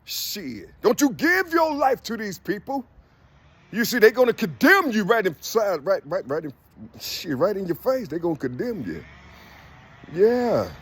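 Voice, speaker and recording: A man's voice: sits high, very animated, a little slow, a bit bright, breathy edge. A man giving a loose spiritual monologue, preachy and slangy, with "you see" in nearly every line.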